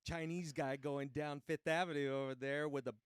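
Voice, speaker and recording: A man's voice: fairly high pitch, fairly even intonation, moderate pace, smooth, no room sound, studio quality. A man hosting a casual chat, a laid-back, profane storyteller who acts out the people he quotes, raised in a Mexican household. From Mexican upbringing. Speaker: podcast host.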